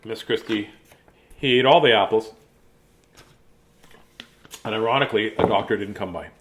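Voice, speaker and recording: A man's voice: lowish voice, normal speed. A man reading children's picture books aloud in a playful, silly way, laughing and chatting between pages. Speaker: children's book reader.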